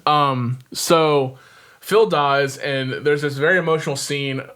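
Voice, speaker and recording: A man's voice: a little high, steady tone, slow, fairly bright tone. A man hosting a podcast, casually retelling a film's plot in a rambling way with frequent ums and chuckles. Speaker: podcast host. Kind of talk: casual film-recap chat.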